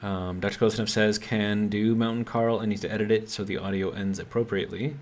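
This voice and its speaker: A relaxed male game streamer with a fairly low voice talks through his build and reads chat aloud. He is easygoing and hesitant, often pausing on ums and correcting himself mid-sentence. A faint hum of noise sits behind him. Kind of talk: casual live-stream commentary, reading chat aloud.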